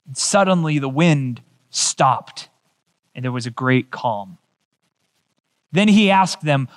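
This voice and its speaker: A male pastor preaching a sermon, telling a story with emphatic, animated delivery. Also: a little high, takes it slowly.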